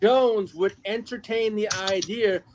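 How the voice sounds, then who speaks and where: A man's voice: high-pitched, unhurried, a little hiss or hum. A man co-hosting a podcast, eagerly bringing up news items in casual chat. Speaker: podcast co-host.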